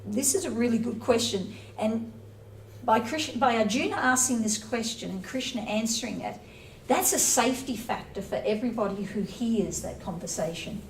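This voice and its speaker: A woman spiritual teacher with a fairly high voice gives a casual, conversational lecture on scripture at a moderate pace, playfully acting out little everyday scenes. She's recorded from a distance, with roomy echo and faint noise.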